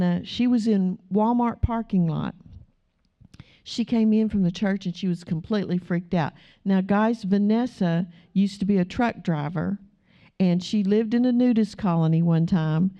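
A woman's voice: medium pitch, highs cut off. A woman pastor preaching a sermon, telling stories and acting out the people in them. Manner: animated storytelling, acting out quotes.

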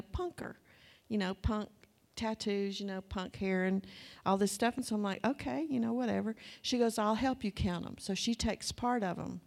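A woman preaching a testimony sermon, telling her story in a chatty, breathless way and acting out her own past words. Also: medium pitch. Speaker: church speaker.

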